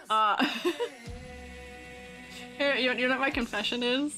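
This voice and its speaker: A woman's voice: unhurried, long pauses. A young woman streaming casually as a character design teacher, chatting with her viewers, giggling often and joking around playfully. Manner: giggly and playful, laughs often, lively swings in pitch. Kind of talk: casual livestream chat reacting to chat. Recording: faint music in the background.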